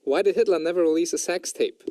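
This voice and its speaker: A man voicing a deadpan computer sidekick on a comedy show, dropping in robotic beeps as he reads out jokes. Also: fairly high pitch, fast, no echo, natural voice. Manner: deadpan, says beep beep. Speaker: co-host.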